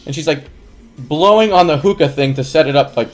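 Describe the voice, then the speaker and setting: A man's voice: on the high side, brisk. A man livestreaming, telling a long story to his chat in a rambling, casual way with lots of fillers and laughs.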